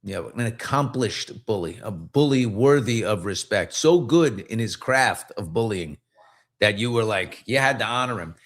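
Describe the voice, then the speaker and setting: A middle-aged man hosting a podcast relates a story at a normal speed in a fairly low voice. The chat is casual, and he brings it to life by acting out the voices in it.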